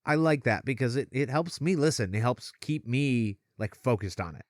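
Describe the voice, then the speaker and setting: A man co-hosting a podcast, chatting casually, animated, and laughing often. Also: mid-range voice, moderate pace, no echo, clean studio sound. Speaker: podcast co-host. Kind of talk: casual chat.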